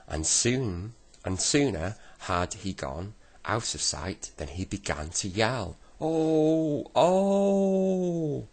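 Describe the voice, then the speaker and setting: A man reading a children's storybook aloud slowly and gently. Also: sits low, breathy edge. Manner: slow, gentle storybook reading with voiced characters. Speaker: reader.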